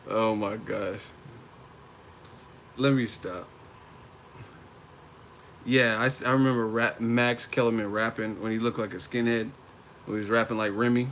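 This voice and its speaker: A man's voice: lowish voice, steady tone, measured pace, long pauses, a bit bright, slight background noise. A man on a casual live stream, talking about boxing, often laughing and swearing as he mocks the fighters. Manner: laughs often, profane, mocking impressions.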